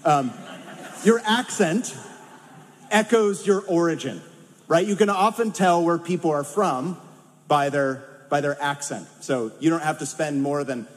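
A man's voice: on the high side, measured pace. A man from California with a Californian accent, preaching a sermon in a conversational way with humorous asides. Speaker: pastor. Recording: long hall reverb.

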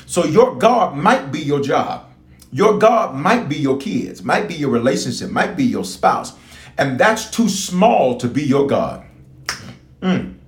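A man's voice: a little high, unhurried, roomy sound. A man preaching a sermon as a bishop, teaching and praying and repeating phrases for emphasis. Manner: animated preaching, repeats phrases for emphasis, talks to online viewers. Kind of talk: live-streamed sermon and prayer.

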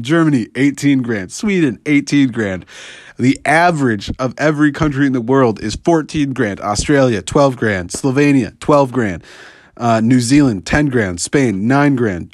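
A man's voice: mid-range voice, dry recording. Man, sarcastic casual rant, chuckles a lot, dry close mic. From United States. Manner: sarcastic, laughs often, trails off mid-sentence.

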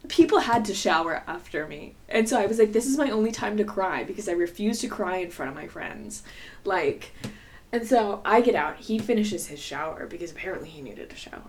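A woman's voice: mid-range voice, animated, brisk. A young woman co-hosting a podcast, telling a personal story in casual, rambling chat full of fillers. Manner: rambling, filler-heavy, candid and profane. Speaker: podcast co-host.

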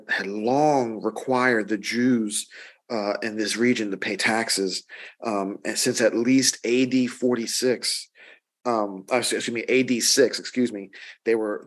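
A man's voice: on the low side, a bit bright. A middle-aged man preaching a sermon in a loose, conversational way, often repeating words and checking in with "right?". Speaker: pastor.

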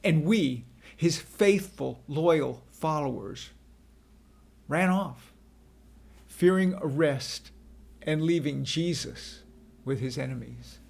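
A man tells a scripture story in the first person, slow and earnest with a dramatic lilt. His voice is gravelly and husky, sitting a bit higher than most men's. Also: a little mellow. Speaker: narrator.

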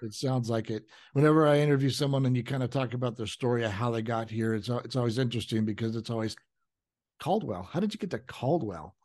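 A man's voice: medium pitch, flat delivery, quick pace, few pauses, a little mellow. A man hosting a business podcast, introducing guests and asking questions in an upbeat, conversational way. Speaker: podcast host. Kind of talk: podcast interview.

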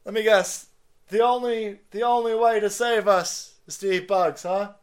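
A man hosting a livestream, ranting loudly with sarcasm, constant cursing and frequent laughter. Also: high voice, steady tone, moderate pace, clear, resonant tone. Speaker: livestream host. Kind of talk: profane ranting commentary.

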